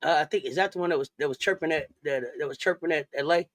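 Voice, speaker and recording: A woman's voice: deep voice, rapid-fire. A woman co-hosting a casual live stream, giggling, laughing through her words and repeating phrases. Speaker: co-host.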